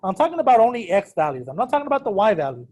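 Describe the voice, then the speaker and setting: A man leads a math lesson in a classroom, his voice sitting a little high. He is casual and self-deprecating, and he keeps checking in with the class as he goes. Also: sing-song, very fast, a little mellow, a little hiss or hum. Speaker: math teacher. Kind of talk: classroom lecture. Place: classroom with students also on a video call.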